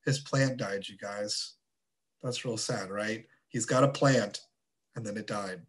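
A man teaching a confirmation class of teenagers in a relaxed, chatty way with playful asides. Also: on the low side, a little slow. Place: church.

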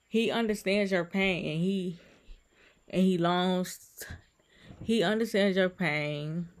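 Gravelly-voiced woman vlogger, heartfelt. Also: deep voice. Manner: emotional, repetitive, soothing. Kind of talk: heartfelt encouraging vlog talk.

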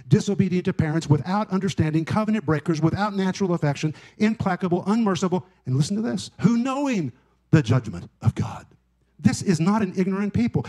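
A middle-aged male pastor preaching a sermon, with emphatic stress and drawn-out key words. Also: a little high, mellow, poor audio.

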